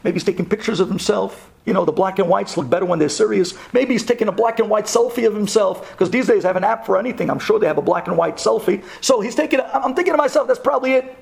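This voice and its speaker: A rabbi tells a story in his sermon with a husky, gravelly voice. His pitch sits fairly high, and his delivery swings between animated exclamation and a hushed, earnest tone. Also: fast, few pauses.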